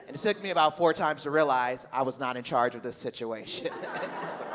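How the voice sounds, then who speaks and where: A woman in her forties performing a stand-up comedy set, brash and oversharing, with sudden bursts of loud outrage. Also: extremely low pitch, lively intonation, brisk, background noise. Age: 40s. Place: comedy club stage with live audience. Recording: reverberant live venue with audience laughter.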